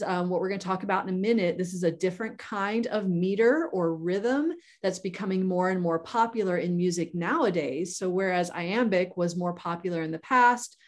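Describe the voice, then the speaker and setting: A woman co-hosting an online professional development session for teachers, presenting enthusiastically with frequent fillers. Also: mid-range voice. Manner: enthusiastic, with many fillers and restarts. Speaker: educator webinar co-host.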